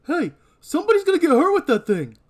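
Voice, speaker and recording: A man voicing a blustering small-town deputy, loud, high and mock-stern. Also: wildly swooping pitch, fast, exaggerated voice.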